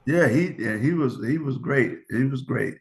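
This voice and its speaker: An older man, a guest in a casual interview, who speaks haltingly and often repeats words. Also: medium pitch, lively intonation.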